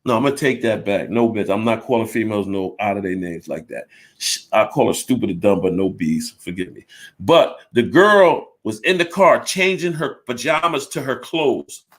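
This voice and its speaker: Blunt, animated man in his fifties. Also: on the low side, normal speed. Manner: animated, blunt, swears, acts out both sides of arguments. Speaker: storyteller recounting his life. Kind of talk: candid personal storytelling.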